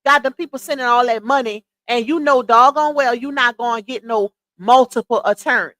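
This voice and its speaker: Sassy high-voiced woman streamer. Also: fairly quick, a bit bright, dry recording, poor audio. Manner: sassy, incredulous, addresses viewers as y'all and baby. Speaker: live stream commentary host. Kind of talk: casual livestream commentary.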